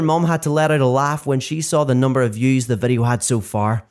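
A reader narrating a children's book aloud, with expressive, drawn-out emphasis. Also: medium pitch.

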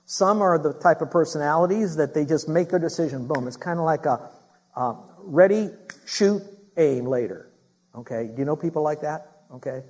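A pastor preaches a sermon, addressing his congregation directly with questions and building up to loud, emphatic preaching. His voice is a little high and animated, at a moderate pace.

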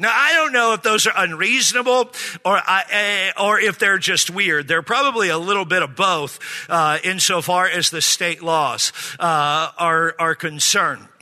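A man's voice: high voice, pushed and bright. A man preaching as a pastor, joking with his congregation and calling for amens. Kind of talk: sermon. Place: church sanctuary. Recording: hall reverb.

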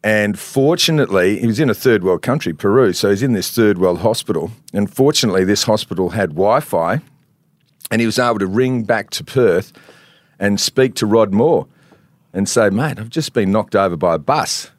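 A low-voiced Australian man co-hosting a sports podcast in casual chat. He rambles through his stories, restarting sentences as he goes. The sound is dry and close to the mic. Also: moderate pace, dry recording. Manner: rambling storyteller, many restarts.

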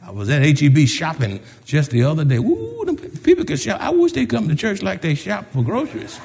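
A man preaching a sermon as pastor, animated, with call-outs and retold conversations. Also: a little high, fast, creaky, slightly rough. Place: church sanctuary. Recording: long reverb of a large hall.

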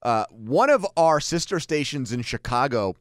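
A man's voice: medium pitch, very animated, moderate pace, no room sound, studio quality. A man hosting a sports radio show, chatting casually and teasing his co-host.

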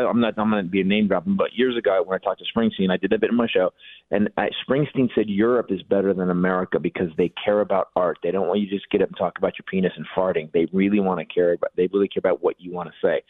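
A comedian guest calls in to a casual radio interview, telling stories in a rambling, self-interrupting way. His voice is low with no echo, coming through a tinny phone line.

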